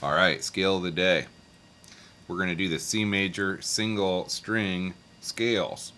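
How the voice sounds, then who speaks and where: Low-voiced guy teaching guitar scales, unhurried, guitar ringing loud under him. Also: fairly even intonation. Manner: patient, talks over guitar, sings note names along. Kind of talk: casual music lesson. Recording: loud guitar playing behind voice.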